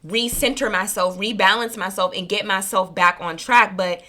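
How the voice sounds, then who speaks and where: A woman's voice: medium pitch, fairly even intonation, moderate pace, sharp tone. A woman running a spiritual reading channel, talking casually and earnestly to her viewers, rambling and correcting herself as she goes. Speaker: spiritual reader and channel host. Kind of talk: casual heartfelt monologue to viewers.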